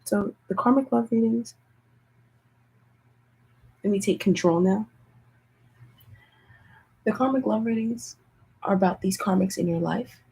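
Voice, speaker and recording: A young woman tarot reader chatting casually with viewers in a hushed, half-whispered voice, often calling out to them directly. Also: mid-range voice, a little slow, vocal fry, pauses often, husky, poor audio. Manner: chatty, keeps addressing viewers as "you guys". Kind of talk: casual livestream tarot chat.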